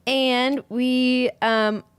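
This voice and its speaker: A woman's voice: sits high, level tone, very slow, clear, resonant tone, dry recording. A woman hosting a casual livestream, chatting and greeting viewers one by one by name, a little scattered as she reads comments. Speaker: host, yarn studio owner.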